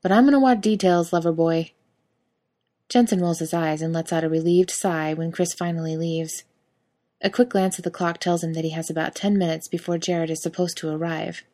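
A woman narrating a fiction audiobook in a slightly low voice. She reads in an even, steady way, keeping a calm storytelling pace. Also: brisk.

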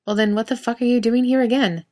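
A woman voicing a brash, crude young man who talks loudly and rudely in a storybook reading. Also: fairly high pitch, steady tone, fast, pitched above the performer's own voice, close to an everyday voice. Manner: loud, crude, blustering.

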